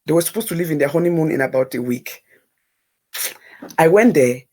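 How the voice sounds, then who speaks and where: A woman's voice: low voice, expressive, a little fast, a little mellow. A woman telling a personal story on a talk show, emphatic and repeating words for effect.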